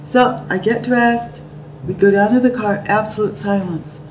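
A middle-aged woman recounts a personal story in an animated way, dropping at times into near-whispers. Her voice sits at a mid pitch and is heard from some distance off the mic. A clear, noisy background hum runs underneath. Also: unhurried. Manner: animated, dips into soft whispers. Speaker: speaker telling a personal story.

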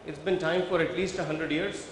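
At a moderate pace and with a steady tone, a man with a fairly high voice lectures in a large conference hall before a live audience. He's a visual merchandising trainer whose workshop is engaging, built on step-by-step explanations and audience quizzing. The hall is very echoey, with faint background noise.

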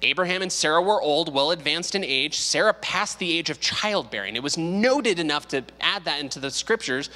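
In a church sanctuary with a long hall reverb, a man in his thirties leads a casual Bible study as pastor, joking and acting out quotes along the way. His voice is high-pitched and bright, with a forceful tone.

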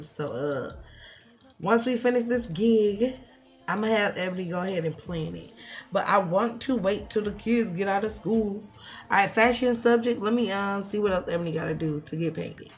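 Chatty woman streamer, loud outbursts. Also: medium pitch. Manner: chatty, swears, swings from mumbling to loud outbursts. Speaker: let's play streamer. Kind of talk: casual gameplay commentary.

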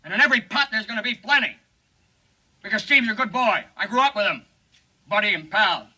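An actor playing a shady, folksy TV pitchman pleading for a crooked friend's election in a 1950s film comedy. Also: brisk, pushed and bright, distant mic, full character voice, low-quality recording. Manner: folksy, pleading sales patter.

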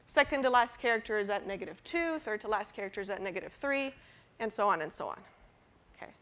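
A woman's voice: mid-range voice, expressive, fast, a bit bright. A woman lecturing a university class on programming, explaining step by step with fillers and restarts. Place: lecture hall.

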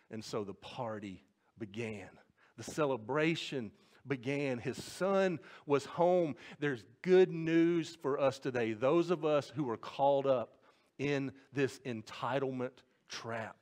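A male pastor preaching a sermon, rising to stress points and dropping soft at the ends of phrases. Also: medium pitch, slow.

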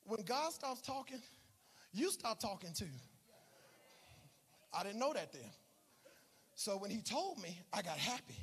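A man preaching a sermon as pastor, telling a story with animated swings between shouting and hushed asides. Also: very high-pitched, unhurried, long pauses, slightly rough. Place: church sanctuary.

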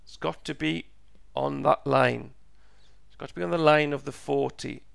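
A man teaching a step-by-step physics lesson, slow and patient, repeating each step, his voice croaky and going hoarse. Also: a little high, steady tone, fairly bright tone, dry recording, studio quality. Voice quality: gravelly, croaky.

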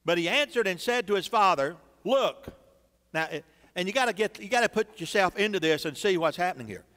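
A man's voice: high-pitched, a bit bright. A man preaching a sermon as pastor, building emphasis through dramatic repetition in a church sanctuary. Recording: long church reverb.

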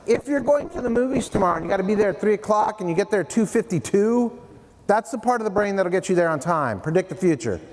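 Animated man speaking to students in a hall. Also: high-pitched, fast. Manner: animated, playful, addresses students directly. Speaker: youth prevention speaker. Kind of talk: school assembly talk. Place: middle school hall, indoors. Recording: long hall reverb, faint room noise.

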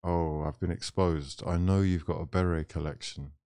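A man's voice: low voice, fairly even intonation, moderate pace, mellow, clean tone, no room sound, clean studio sound. A young man hosting a football watchalong, reading out viewer messages and chatting casually, laughing often. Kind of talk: casual chat reading live chat.

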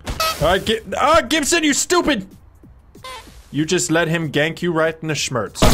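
A man commentating his own gameplay live, swearing a lot and jumping between low grumbles and excited yells. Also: unhurried, pauses often, faint music behind. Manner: excitable, swings from low mutters to yelling; heavy swearing, playful trash talk. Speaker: game streamer.

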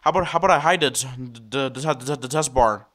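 Guy rambling thru a screen recording, keeps stumbling n repeating words, gets excited, mid-pitched voice. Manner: halting, repeats and restarts words often; excitable, talks to viewers. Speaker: computer vlogger. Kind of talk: casual screen-recording commentary.

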